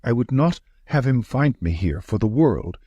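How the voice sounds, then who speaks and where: A frightened, twitchy estate manager, read by a man in an audiobook, who pushes out short, gasping sentences. The voice is husky and swings lively up and down. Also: mid-range voice, normal speed, no echo, lo-fi sound. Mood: agitated. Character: thin, nervous male estate manager, frightened. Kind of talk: audiobook reading.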